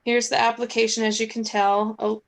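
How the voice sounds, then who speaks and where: A woman's voice: fairly high pitch, little pitch movement, normal speed, gravelly, rough recording. A woman city staffer at home, presenting a subdivision plan to a council over a video call, chatty and apologetic with many fillers, losing her voice.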